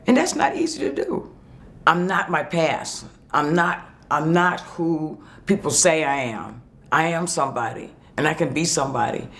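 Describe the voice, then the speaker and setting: A woman sharing a personal testimonial as an employee. She speaks emphatically and emotionally, laughs often, and acts out her own past words as she tells her story. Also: fairly low pitch.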